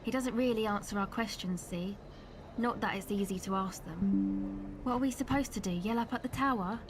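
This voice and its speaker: A woman's voice: medium pitch, normal speed, music in the background, lightly acted. A woman playing a guarded, laid-back young woman. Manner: laid-back, evasive, offhand. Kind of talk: voiced video game dialogue. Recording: clear background noise.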